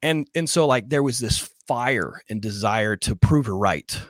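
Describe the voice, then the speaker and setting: A man speaking as a podcast guest, talking earnestly and casually with plenty of slang, now and then choked up. His voice is mid-pitched and sits dry and close to the mic. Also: lively intonation, a little slow, dry recording. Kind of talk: emotional interview storytelling.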